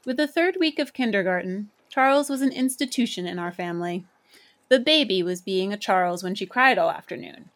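A woman narrating a short story in a measured, clear storytelling manner. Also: medium pitch, animated.

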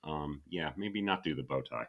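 A man co-hosting a casual comedy podcast, talking in a deadpan, sarcastic way. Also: a bass voice, moderate pace, lo-fi sound. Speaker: podcast co-host.

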